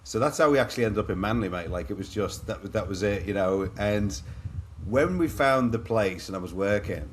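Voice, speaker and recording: Low-voiced English man telling stories. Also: animated, brisk, slight background noise. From Liverpool, England. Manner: chatty and anecdotal, calls the listener "mate". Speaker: podcast guest, entrepreneur. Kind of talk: candid storytelling in a podcast interview.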